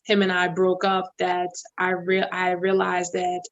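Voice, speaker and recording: A woman's voice: on the low side, monotone, a little slow, lo-fi sound. A woman co-hosting a podcast, talking frankly and reflectively about her own parenting. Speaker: podcast co-host. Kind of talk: casual chat.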